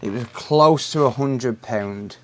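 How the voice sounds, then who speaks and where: A man's voice: medium pitch, slow, a little hiss or hum. A British man hosting a repair live stream, chatting casually and answering viewer messages while he works. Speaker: repair livestream host.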